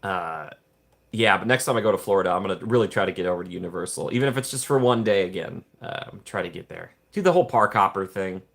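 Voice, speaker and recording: A man's voice: low-pitched, quick pace, a bit bright. A man hosting a casual livestream, rambling and joking while he reads viewer chat. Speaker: livestream host.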